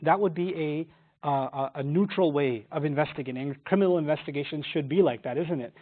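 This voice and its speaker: A man gives an energetic lesson on scripture and throws himself into the quotes he acts out. His voice sits high for a man. The sound is thin and tinny, like a phone line. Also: fairly quick. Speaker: Quran teacher. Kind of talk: animated lecture on scripture.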